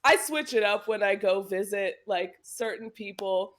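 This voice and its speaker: A woman co-hosting a casual podcast chat, relaxed and reflective, with frequent "like" and soft laughs. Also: medium pitch, moderate pace. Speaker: podcast co-host.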